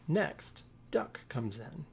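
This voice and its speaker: Man, children's story reader, gentle measured narration, gravelly, lively pitch. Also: slight background noise. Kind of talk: children's story read-aloud.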